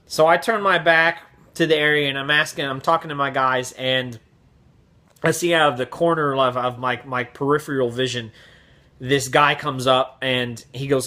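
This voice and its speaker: A man vlogger telling a casual story in an animated, profane way, acting out the voices. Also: medium pitch, normal speed.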